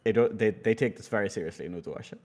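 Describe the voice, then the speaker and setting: A man narrating as game master of a tabletop role-playing game, chatty and relaxed, laughing easily. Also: lowish voice, rapid-fire, a little hiss or hum.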